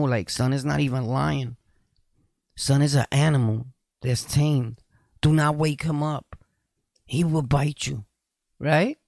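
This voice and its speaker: A man hosting a casual solo podcast, talking in a loose, streetwise way and giving hyped shout-outs with bursts of laughter. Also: medium pitch, vocal fry, no echo, studio quality. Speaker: podcast host.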